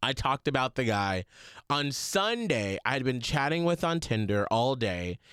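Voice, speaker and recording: A man's voice: medium pitch, unhurried, clean tone, no room sound, clean studio sound. A man in his thirties, a radio morning show host, chatting casually on a podcast and acting out the quotes in his stories. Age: 30s. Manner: chatty, animated storytelling with acted-out quotes. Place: studio.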